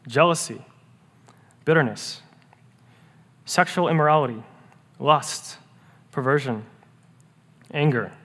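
Male pastor, earnest sermon, slightly high voice, long hall reverb, swings from emphatic to hushed. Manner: earnest preaching, swelling to emphatic peaks and dropping to hushed lows.

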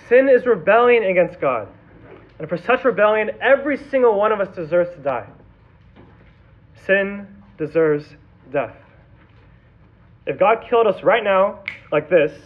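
A man preaching to sixth graders with dramatic storytelling and emphatic repetition. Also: sits high. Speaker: youth pastor. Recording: tinny phone-like sound.

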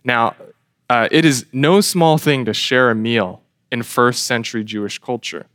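A man's voice: medium pitch, unhurried, fairly bright tone, no echo. A man preaching a sermon in an earnest, emphatic way, asking rhetorical questions. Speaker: pastor.

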